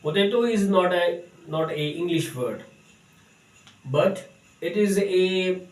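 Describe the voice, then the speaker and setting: A man teaching an English lesson to students, speaking haltingly with many fillers. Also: high voice. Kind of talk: recorded English lecture. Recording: echoey room, distant mic.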